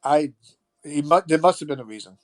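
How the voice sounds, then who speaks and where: An older man in his sixties, talking as a podcast guest in a slightly higher voice than most men. He rambles, pausing often with "uh" and "you know", in a relaxed, conversational way. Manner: rambling, with many hesitations. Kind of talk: casual chat.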